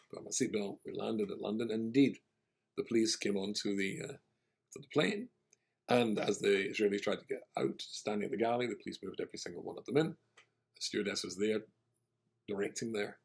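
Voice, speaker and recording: A man with a Scottish accent, a rabbi, telling an anecdote in a lively sermon that acts out the people in it. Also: lowish voice, a little fast, gravelly, breathy edge. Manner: animated anecdotal, acts out the people in his story. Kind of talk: storytelling sermon.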